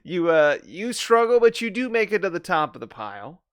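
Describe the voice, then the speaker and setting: A man narrating a tabletop game as dungeon master, relaxed and halting, with many fillers. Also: sits high, smooth, no room sound, studio quality.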